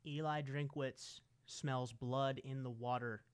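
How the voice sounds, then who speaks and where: A man's voice: medium pitch, steady tone, slow, clean tone. A man co-hosting a casual sports podcast, emphatic and playful as he makes his picks. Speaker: podcast co-host.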